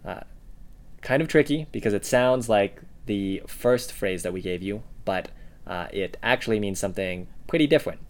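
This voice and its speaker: Lowish voiced guy giving example words, pretty laid back, lots of uh and um. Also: moderate pace. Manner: relaxed, with frequent "uh" and "um". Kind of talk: casual teaching podcast.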